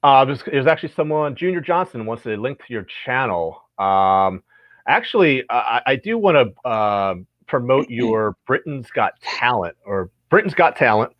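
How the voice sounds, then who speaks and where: A man hosting a casual livestream chat, talking in a friendly, halting way with frequent restarts. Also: mid-range voice, big pitch swings, no room sound, dull audio. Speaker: host.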